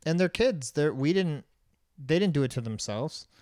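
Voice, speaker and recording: A man's voice: fairly high pitch, lively intonation, moderate pace, a little mellow, no echo, studio quality. A man in his thirties co-hosting a casual chat, talking in a blunt and opinionated way and laughing easily. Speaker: podcast co-host.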